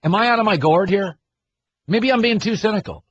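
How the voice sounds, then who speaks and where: Man, sports radio host, incredulous sarcastic rant, slightly raised pitch, dull broadcast sound. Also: a little fast, fairly bright tone, breathy edge, no echo. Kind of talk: opinionated sports talk.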